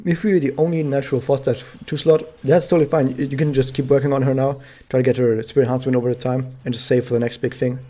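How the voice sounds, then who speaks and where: A man's voice: medium pitch, level tone, fast, hardly any pauses, warm tone. A man from Germany, a native German speaker, chatting casually and rambling a bit while he streams a game. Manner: chatty, rambling, self-correcting. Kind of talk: casual live-stream commentary.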